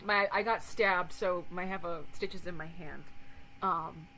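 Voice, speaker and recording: Bright-voiced young woman, casual chat. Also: fairly low pitch, measured pace, low-quality recording. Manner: animated, laughs often, swears casually. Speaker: host. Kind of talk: casual chat while watching a recap.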